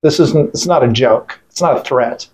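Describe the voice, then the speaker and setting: A man's voice: medium pitch, moderate pace, a little mellow. A man, a military veteran interviewed as a guest, telling a story casually and bluntly, swearing, rambling, and quoting what others said. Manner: blunt, profane, retells events by quoting others; rambling with restarts and fillers.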